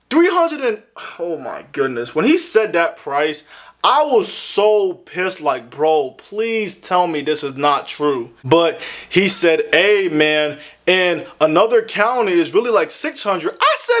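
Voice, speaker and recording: A man's voice: sits high, a bit bright. A young man telling a comedic story with lots of slang, sounding exasperated. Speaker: animated storyteller.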